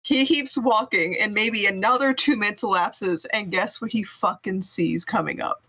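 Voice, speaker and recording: A woman's voice: mid-range voice, normal speed, bright, forceful tone, slightly rough, poor audio. A woman casually telling a spooky story to friends, laughing often and swearing freely.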